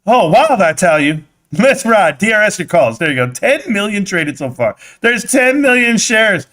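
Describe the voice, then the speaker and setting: A young man hosting a live stream, talking excitedly, reading chat and yelling at times, sweaty and winded. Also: high voice, moderate pace. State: sweating in a helmet. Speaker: livestream host.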